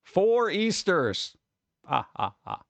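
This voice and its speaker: A man streams live on a close desk mic, rambling, joking and talking to his chat. His high-pitched voice is very animated yet slow, creaky and a bit bright, captured in a dry recording.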